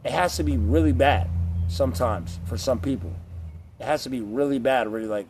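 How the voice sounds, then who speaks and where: A man's voice: mid-range voice, a little fast, darkish tone, slight background noise. Blunt, profane young man ranting. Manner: profane, blunt, rambling, mocking voices of others. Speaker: vlogger. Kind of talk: ranting monologue to camera.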